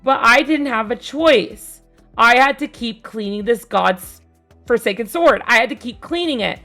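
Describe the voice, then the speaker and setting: A young woman streamer casually telling a tabletop game story, rambling with fillers and casual swearing, growing more animated as it goes. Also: fairly high pitch, measured pace, soft background music. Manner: gets louder and more animated as the story builds.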